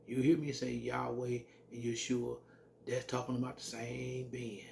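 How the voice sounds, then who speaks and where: A man with a gravelly, mellow voice teaches scripture in a blunt, salty way. He reads verses slowly and then breaks into plain commentary. Faint noise sits under the recording. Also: mid-range voice, level tone. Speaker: religious teacher.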